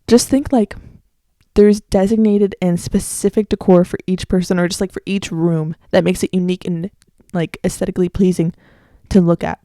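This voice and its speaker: Young woman, American accent, late teens, solo podcast host, rambling and opinionated, mellow warm tone, dry close sound. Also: fairly low pitch, steady tone, moderate pace, no room sound. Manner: chatty and rambling, with many "like"s and self-corrections; strongly opinionated. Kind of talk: casual solo podcast chat.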